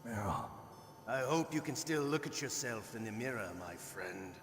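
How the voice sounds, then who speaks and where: A sly, menacing villain of a video game sneers through cutscene audio, voiced by an actor. The sound is roomy with a long echo tail. A steady hiss sits underneath his cold, gloating words. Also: medium pitch, moderate pace, lightly acted.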